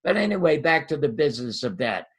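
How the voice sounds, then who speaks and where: A man's voice: fairly high pitch, fast, breathy edge. An older man, a former comedian and TV host, telling stories in an interview and acting out the dialogue. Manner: lively anecdotal storyteller, acts out dialogue. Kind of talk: animated storytelling interview.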